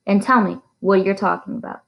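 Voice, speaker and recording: A woman reading a novel aloud, voicing a drunk, leering small-town sheriff who speaks in a slow drawl. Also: mid-range voice, fairly even intonation, vocal fry, muffled recording, close to an everyday voice. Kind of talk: audiobook reading with character voices.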